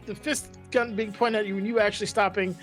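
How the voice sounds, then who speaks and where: A man's voice: sits high, fairly even intonation, fairly quick, fairly bright tone, soft background music. A man running a tabletop game as game master, narrating with many ums and restarts. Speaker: dungeon master.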